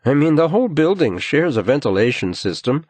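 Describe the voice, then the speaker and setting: A man's voice: a little high, very animated, fairly quick, a little mellow, breathy edge, dry recording, voice pushed up. A man voicing an irritable, patronizing husband in an audiobook. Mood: dismissive. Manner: patronizing, brushing things off. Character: irritable, dismissive adult husband.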